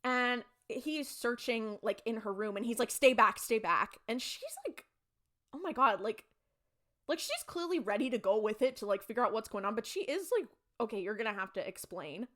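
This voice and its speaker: Animated woman retelling a TV episode. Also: on the high side. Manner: animated storytelling, acting out characters in quick quoted lines. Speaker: podcast co-host. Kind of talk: casual chat recapping a TV episode.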